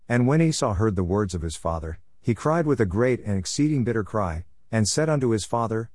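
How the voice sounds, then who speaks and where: A man reading scripture aloud, steady and measured. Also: medium pitch, dry recording. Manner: steady measured reading with rising phrase openings. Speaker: scripture reader.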